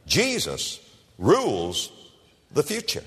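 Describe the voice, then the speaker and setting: A man pastor preaches slowly and deliberately, leaning on dramatic pauses. His pitch swings widely as he drives his points home with humor. His voice trails off in a long reverb through the church sanctuary. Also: huge pitch swings, fairly bright tone. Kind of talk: sermon.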